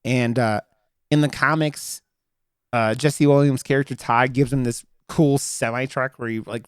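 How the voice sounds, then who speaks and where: A man with a smooth, clear voice talks through a horror film's plot in loose, casual podcast chat. He rambles and restarts his sentences, leaning on fillers as he goes. The sound is dry and close, with no room around it. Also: medium pitch, darkish tone, no echo. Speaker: podcast co-host. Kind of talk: casual movie review chat.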